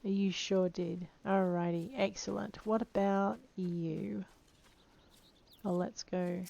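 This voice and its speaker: A woman's voice: mid-range voice, steady tone, slow pace, creaky, warm tone, lo-fi sound. A woman chatting playfully through her video game, talking to the creatures she meets. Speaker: game player. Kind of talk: let's play commentary.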